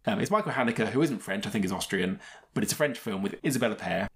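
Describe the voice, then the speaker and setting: A man's voice: on the low side, lively intonation, quick pace. A man co-hosting a film podcast in a casual, rambling, digressive way, often chuckling between points. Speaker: podcast co-host and film reviewer.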